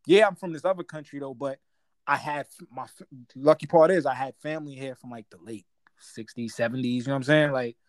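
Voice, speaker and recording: In a casual chat, a Guyanese man in his forties spins stories full of street slang, animated and laughing. His voice is mid-range and a little fast, with no echo.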